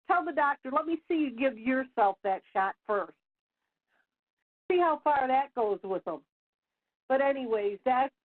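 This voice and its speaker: Middle aged lady ranting on her radio show, kinda high voice, sounds like a tinny phone line. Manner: emphatic, rambling with many fillers and restarts. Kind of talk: solo rant on internet radio.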